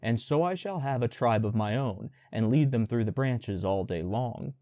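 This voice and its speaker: A man's voice: medium pitch, expressive, moderate pace, warm tone, dry recording, studio quality, natural voice. A man voicing a cheeky, boastful young boy raised in the jungle, speaking in a sulky, showing-off way for a storybook audiobook.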